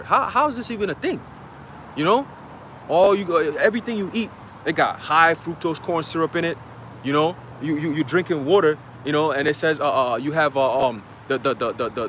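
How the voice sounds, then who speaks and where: A man's voice: fairly high pitch, a bit bright, slight background noise. A man preaching an informal livestream sermon in slangy, profane street talk, often checking in with "okay?" and "you know?".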